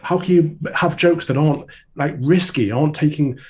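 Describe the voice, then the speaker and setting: A man's voice: a little high, moderate pace, darkish tone. A man appearing as a commentator guest on a radio debate, arguing in an assured, argumentative way. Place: remote link.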